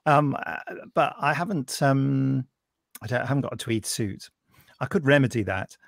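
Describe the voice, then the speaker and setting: A man's voice: medium pitch, normal speed, gravelly, no room sound, studio quality. A man hosting a podcast, reading listener emails aloud in casual chat and breaking off with wry jokes. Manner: wry, joking asides while reading. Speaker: podcast host.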